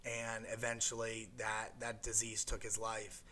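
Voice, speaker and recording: A man's voice: fairly low pitch, monotone, a little slow, pushed and bright. A young adult man telling his recovery story in an interview, rambling with many fillers and restarts. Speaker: guest sharing a recovery story. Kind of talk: emotional personal testimony.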